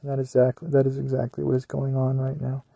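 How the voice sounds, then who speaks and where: A man's voice: mid-range voice, monotone, quick pace, gravelly, mellow, dry recording, highs cut off. A young man talking in a rambling solo monologue, meandering and crude, often trailing off into mumbles. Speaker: podcaster. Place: at work during a shift.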